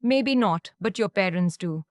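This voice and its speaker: A man's voice: sits high, expressive, unhurried, dry recording, clean studio sound. A woman voicing a smug, scheming ex-husband who taunts. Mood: taunting. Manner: taunting, pleased with himself.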